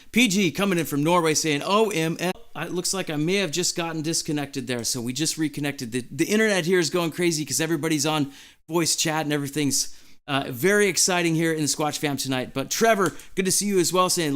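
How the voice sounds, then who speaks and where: A man hosting a live stream, giddy and out of breath, reading chat messages aloud in an excited chat. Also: on the high side, smooth.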